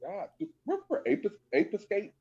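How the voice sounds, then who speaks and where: Mellow man on dull lo-fi audio. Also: high voice, wildly swooping pitch, moderate pace, husky. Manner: quiet, brief questions and remarks.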